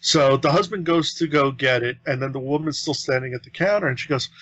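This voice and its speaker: A man's voice: medium pitch, a little fast, fairly bright tone, no room sound, highs cut off. Man telling rambling anecdotes on a podcast. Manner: rambling anecdotes with acted-out quotes. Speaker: podcast co-host. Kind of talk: casual storytelling chat.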